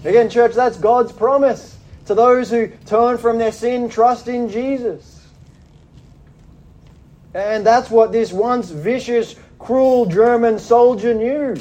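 A pastor with an Australian accent, delivering a sermon in a measured, deliberate way and stressing his points. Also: very high-pitched, darkish tone, lo-fi sound.

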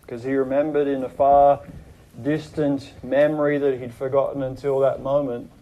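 With highs cut off in the recording, a pastor preaches at a moderate pace and with little pitch movement. Still, his earnest retelling of a story brings dramatic drops, and his voice rises in quoted prayers.

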